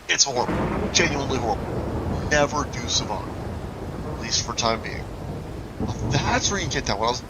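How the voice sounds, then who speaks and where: A man's voice: mid-range voice, heavy background noise. A man casually commenting while playing a game, thinking aloud, rambling and trailing off mid-sentence. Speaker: gaming video creator. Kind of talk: casual let's-play commentary.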